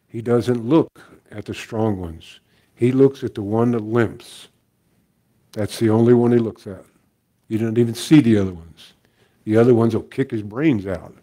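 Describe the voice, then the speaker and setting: An older man giving a sermon as a story, folksy and gentle, repeating his key lines. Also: medium pitch. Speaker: guest speaker and minister.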